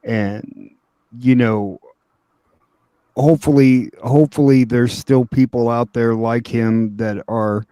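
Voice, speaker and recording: A man hosting a podcast, chatting in a relaxed way with lots of fillers. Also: mid-range voice, takes it slowly, clear, resonant tone, no room sound. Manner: relaxed, filler-heavy talk. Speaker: podcast host. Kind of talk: casual chat.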